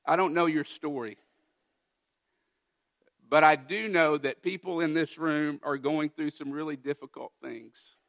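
A man preaching a sermon as pastor of a church, earnest, rising to emphatic peaks and falling to soft, quiet moments. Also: fairly high pitch, steady tone, measured pace, vocal fry, long pauses.

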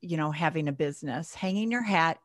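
A woman's voice: low-pitched, brisk, no echo, studio quality. A woman hosting a podcast interview, upbeat and chatty, laughing often. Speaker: podcast host.

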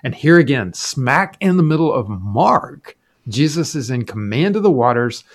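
A man's voice: medium pitch, sing-song, normal speed. Man explaining scripture, emphatic. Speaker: podcast co-host. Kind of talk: scripted Bible study talk.

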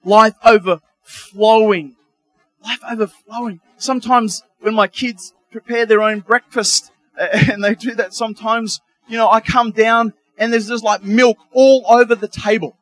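A middle-aged male pastor preaching a sermon in a lively way, with homely asides and chuckles. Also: very high-pitched, moderate pace, hardly any pauses, rough recording.

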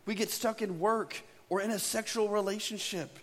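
Male pastor, conversational preacher, higher voice, live church reverb. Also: steady tone, moderate pace. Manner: conversational storytelling preacher, asks "right?" often. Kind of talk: sermon. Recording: long hall reverb.

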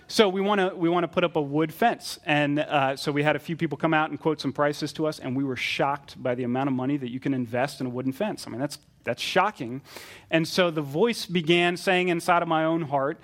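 A middle-aged pastor preaching a sermon in an earnest manner that builds to fervent emphasis. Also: male voice, on the high side, brisk.

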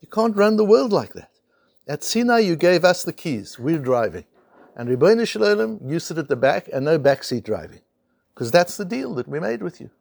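Male Torah teacher: gravelly voice, close and dry sound, animated storytelling, Hebrew and Aramaic terms mixed in. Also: on the high side, normal speed, no echo. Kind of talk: Talmud class lecture.

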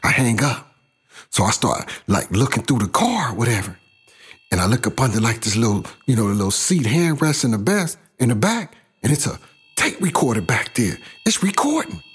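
A man's voice: mid-range voice, big pitch swings, normal speed, husky. A middle-aged man from South Los Angeles telling his own life story in a blunt, profane, casual way.

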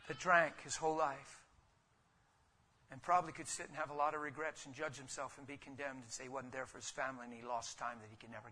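A man preaching an impassioned sermon in church. He swings from loud exhortation to near whispers and piles up repeated phrases. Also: a little high, slight background noise. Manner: repetitive rhetorical build-ups.

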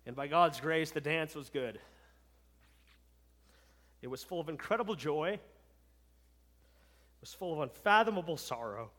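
A man who is a pastor, preaching a farewell sermon with emphasis, moving from loud declarations to hushed words and often checking in with "right?". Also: fairly high pitch, expressive, a little slow, pauses often. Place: church sanctuary. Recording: long reverb of a large hall.

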